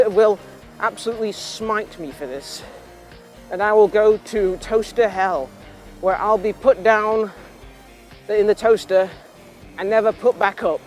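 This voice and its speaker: A young man telling rambling, self-mocking stories to camera, laughing often and drifting into tangents. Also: high voice. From England. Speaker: vlogger. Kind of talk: rambling casual storytelling.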